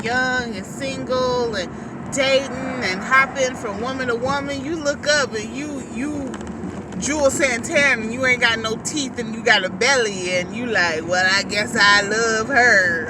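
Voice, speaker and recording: A woman on maternity leave chatting candidly in slangy, laughing casual talk from her car. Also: a little high. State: new mother on maternity leave. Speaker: vlogger. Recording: distant mic, road noise. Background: car and road noise.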